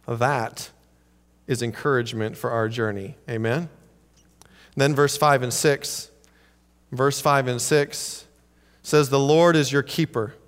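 A man's voice: mid-range voice, clear, resonant tone, long reverb tail. A man preaching a sermon, working through scripture verses and building to emphatic points. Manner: preaching with rising, emphatic retellings. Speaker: pastor.

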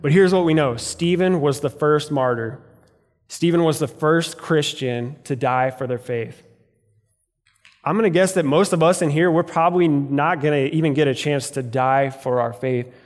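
Brief: male pastor, slightly high voice, chatty storytelling sermon, long hall reverb. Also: normal speed. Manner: conversational storytelling preacher. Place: church sanctuary.

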